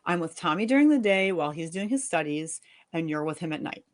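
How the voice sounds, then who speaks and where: A woman reading the part of a fed-up young wife and mother, sharp and sarcastic with her husband. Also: lowish voice, lively intonation, fairly quick, close to an everyday voice. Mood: scolding. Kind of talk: live fiction reading.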